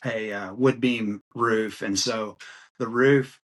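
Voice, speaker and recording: An older man hosting a podcast, telling family memories in a halting, reflective way with many fillers and restarts. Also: fairly low pitch, steady tone, fairly bright tone. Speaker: podcast host. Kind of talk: rambling personal storytelling.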